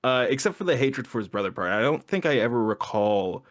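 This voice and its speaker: A man's voice: medium pitch, animated, fairly quick. A man co-hosting a casual movie review podcast, opinionated and swearing casually. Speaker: podcast co-host.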